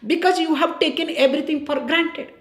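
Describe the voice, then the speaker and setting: A woman's voice: high-pitched, fairly even intonation, a little fast, echoey room. A woman giving a spiritual discourse on scripture in a conversational way, often checking in with her listeners and repeating key phrases. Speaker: spiritual teacher.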